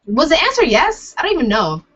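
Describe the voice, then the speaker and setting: Rambling young woman with bright voice. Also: high voice, wildly swooping pitch, a little fast. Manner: rambling, hesitant, many fillers and laughs. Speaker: vlogger answering questions. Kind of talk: casual chat. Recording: dull lo-fi sound.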